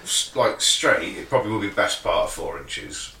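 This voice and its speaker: Man, podcast co-host, animated swearing banter, bright tense voice, distant, roomy. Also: low-pitched, normal speed. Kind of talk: casual chat. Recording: roomy recording from off-mic.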